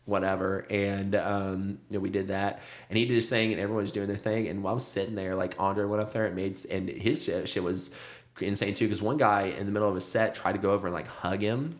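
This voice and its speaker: A man's voice: on the low side, steady tone, a little fast. A young man and stand-up comic, casual podcast storytelling, rambling and swearing, acting out what people said and laughing often. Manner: rambling, swearing, acts out quotes, laughs a lot. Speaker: comedian, podcast host.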